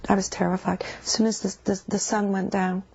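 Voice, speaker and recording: An older woman from England, telling her own experiences in an earnest, halting way with pauses. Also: medium pitch, level tone, background noise. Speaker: interviewee. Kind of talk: recounting personal experience. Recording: muffled news audio with music bed.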